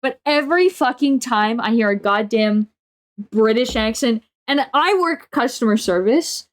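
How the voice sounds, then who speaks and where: A woman's voice: a little high, lively intonation, measured pace. Enthusiastic, sweary woman streamer. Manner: enthusiastic, sweary, laughs often. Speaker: streamer, host. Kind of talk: casual chat.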